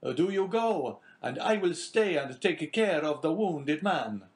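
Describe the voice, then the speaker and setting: A man's voice: a little high, slow pace, pitched above the performer's own voice. A man doing an eager young sailor. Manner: lifted, excited and louder than the narration. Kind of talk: audiobook character reading.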